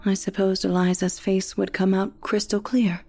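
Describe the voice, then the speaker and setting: A woman reading a horror story aloud as the narrator, in a slow, hushed storytelling manner. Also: medium pitch, flat delivery.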